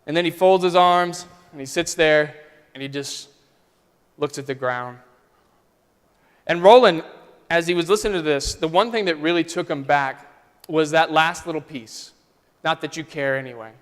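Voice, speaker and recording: A man's voice: fairly high pitch, normal speed, long pauses. A male pastor telling a story in a conversational, vivid sermon style, in a church sanctuary. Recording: long church reverb.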